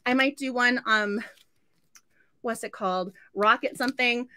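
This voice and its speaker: A woman hosts a book club stream in a chatty, effusive way, laughing often. Her voice sits high and sounds bright and sharp. The sound is close and dry, with no room around it. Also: unhurried, smooth, no echo. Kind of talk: casual live-stream chat.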